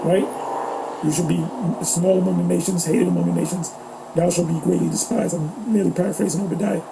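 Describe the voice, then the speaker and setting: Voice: medium pitch, level tone, fairly quick, vocal fry, background noise. A co-host talking casually about politics, rambling, swearing and fumbling for words. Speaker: podcast co-host.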